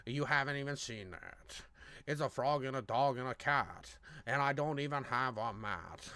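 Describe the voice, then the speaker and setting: A slow, dragging rapper voice that sits far down in the chest, put on by a man mumbling each line in a sleepy, flat drawl. The delivery is dry and close, with no room around it. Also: mid-range voice, no room sound, pitched below the performer's own voice, close to an everyday voice. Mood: mocking drawl.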